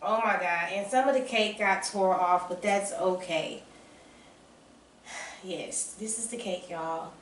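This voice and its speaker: A woman with a Southern US accent chatting excitedly and casually while baking in her home kitchen, calling her viewers y'all and baby. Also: mid-range voice, slow, distant mic, slight background noise. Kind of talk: casual chat to camera. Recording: roomy kitchen sound, off-mic.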